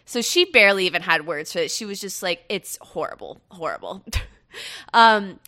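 A young woman hosting a casual pop-culture chat, chatty and quick to laugh. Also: mid-range voice. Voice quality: bright, chatty, laughs often. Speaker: podcast host.

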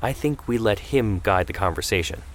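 A man voicing a calm, firm middle-aged mother who speaks in an even, measured way. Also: on the low side, close to an everyday voice.

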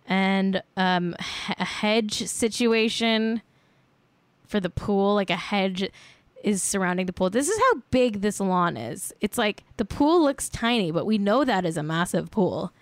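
A woman hosts a casual podcast with a sarcastic, blunt edge, swearing and scattering "like" through her sentences. Her voice sits at an ordinary middle pitch. It is recorded close and dry, with no room sound. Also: expressive, unhurried, no echo. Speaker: podcast host.

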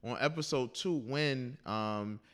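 A man co-hosting a casual chat, slangy and animated, often acting out quotes. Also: mid-range voice, takes it slowly. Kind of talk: casual chat about a TV show.

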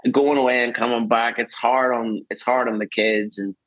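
A man's voice: medium pitch, flat delivery, normal speed, fairly bright tone, dry recording, poor audio. Rambling Northern Irish man on a video call. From Northern Ireland. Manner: rambling, self-interrupting, laughs easily. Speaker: singer-songwriter guest. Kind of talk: casual interview chat.

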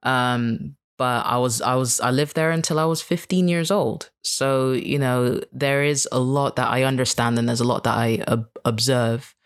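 A woman from Kenya whose accent leans British with a slight American twang, guesting on a podcast. She speaks reflectively and at an even pace, with frequent fillers and easy laughs. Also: extremely low pitch, normal speed, few pauses, smooth. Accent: mostly British with slight American twang. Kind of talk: casual podcast interview.

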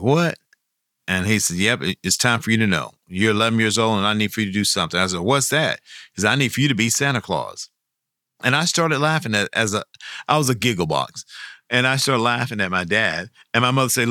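A man's voice: lowish voice, no echo, studio quality. A middle-aged man, telling folksy, rambling stories in an interview. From Arkansas. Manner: folksy, rambling, warm storyteller. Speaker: professional Santa Claus guest. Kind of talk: storytelling interview.

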